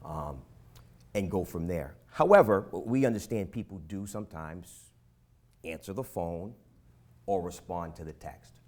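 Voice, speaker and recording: A man's voice: low-pitched, expressive, a little slow, darkish tone. A middle-aged police officer, giving earnest advice on a local talk show and often repeating words as he goes. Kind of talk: casual talk show conversation.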